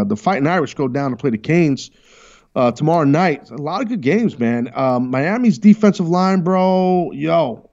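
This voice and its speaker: A man hosting a sports talk show, brash and animated, teasing his crew as he talks. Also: fairly high pitch, lo-fi sound. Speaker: radio show host.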